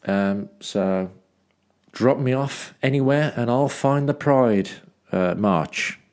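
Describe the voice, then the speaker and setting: A man's voice: medium pitch, takes it slowly, a little mellow. A man from Dudley reading his travel journal aloud as a podcast host, with wry self-mocking asides and rambling ums and restarts. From Dudley, England.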